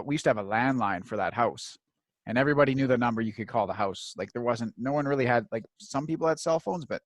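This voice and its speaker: A man in his thirties chats on a podcast with a lively, swinging voice. He swears freely and acts out the people he quotes. The sound is close and dry. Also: medium pitch, dry recording. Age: 30s. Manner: animated storyteller who swears often and acts out quoted voices. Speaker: podcast co-host. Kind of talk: casual chat.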